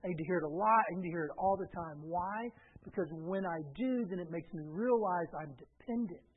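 A middle-aged man preaches in a high voice, carried over a narrow, phone-like radio broadcast. He swings from quiet, hushed moments to loud, insistent ones. He drives his points home by repeating the same phrases. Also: animated, moderate pace, husky. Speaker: pastor. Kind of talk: sermon.

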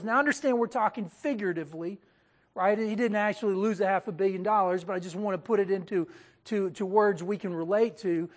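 A woman teaching a casual Bible study, talking straight to her group in an animated, conversational way. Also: medium pitch, brisk.

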